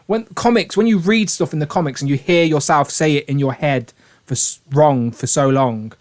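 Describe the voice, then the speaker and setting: A man's voice: on the high side, normal speed. A British man hosting a casual live stream, rambling with enthusiasm and reading out viewers' names. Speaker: livestream host.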